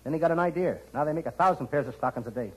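High, excitable comedian in 1940s radio. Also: male voice, rapid-fire, husky, low-quality recording. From United States. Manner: excitable, childlike, punning.

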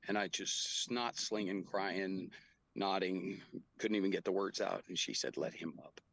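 Deep gravelly man telling his story. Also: little pitch movement, fairly bright tone, no room sound. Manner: earnest, halting, with quoted dialogue. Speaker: guest. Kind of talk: personal storytelling in an interview.

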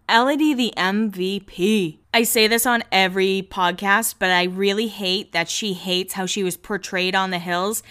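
A woman's voice: medium pitch, fairly even intonation, moderate pace, few pauses, a bit bright. A woman hosting a casual recap podcast, talking in a chatty, gossipy, playful way. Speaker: podcast host.

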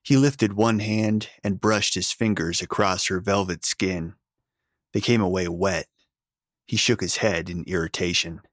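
Low-voiced man narrating a story. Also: unhurried, a bit bright, dry recording, clean studio sound. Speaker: audiobook narrator. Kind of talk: scripted narration.

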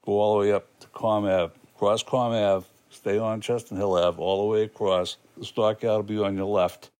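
A man's voice: fairly low pitch, little pitch movement, moderate pace, darkish tone, dry recording. A man from Boston with a strong Boston accent, giving matter-of-fact driving directions.

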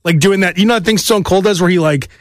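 High-voiced ranting male podcast host. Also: quick pace, no echo, studio quality. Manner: brash, profane, ranting. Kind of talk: casual comedic chat.

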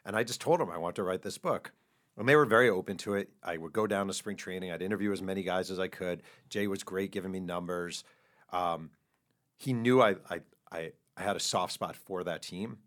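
A middle-aged man with a deep, low-pitched voice talks fast in a relaxed interview. He is an animated storyteller who laughs along with his own anecdotes. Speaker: author guest.

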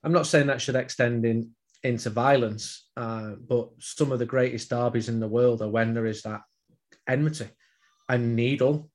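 A man's voice: medium pitch, steady tone, moderate pace, darkish tone. A man chatting casually on a football podcast, a regular on the show, talking in a chatty, self-deprecating way and often repeating words as he starts a thought. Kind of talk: casual chat.

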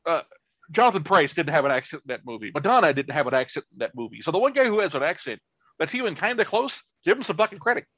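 A man's voice: fairly high pitch, big pitch swings, fast, fairly bright tone, breathy edge, dry recording, muffled recording. A man co-hosting a casual podcast chat, talking enthusiastically and profanely, with frequent fillers and restarts. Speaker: podcast co-host.

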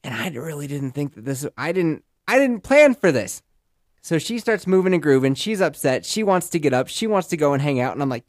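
A young man in casual podcast storytelling, rambling and jokey with lively bursts. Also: fairly high pitch, brisk, no echo, studio quality. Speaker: podcast host.

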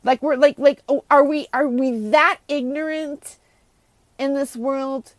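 A woman's voice: sits high, fairly even intonation, a little slow, no room sound. A woman hosting a casual solo rant, exasperated and sarcastic, rambling with many restarts. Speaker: host.

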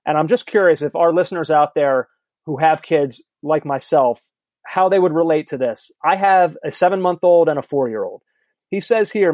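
A man in his thirties chatting on a podcast, candid and self-deprecating, tending to ramble. His voice sits a little higher than most men's. The recording is dry and close. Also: normal speed, a little mellow, no room sound. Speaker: podcast co-host. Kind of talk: casual chat.

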